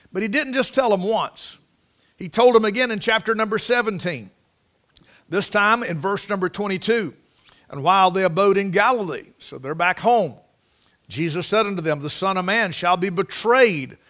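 A male preacher with a high voice, working through a sermon. He mixes folksy stories with scripture read aloud, leaning hard on the phrases he wants his listeners to notice. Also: expressive, moderate pace, fairly bright tone. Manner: folksy storytelling, reading scripture aloud with emphasis.

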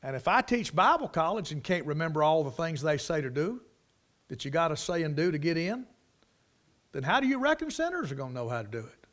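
A man's voice: on the high side, big pitch swings, fairly quick, fairly bright tone. Folksy preacher man, emphatic. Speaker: preacher, Bible college teacher. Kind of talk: sermon.

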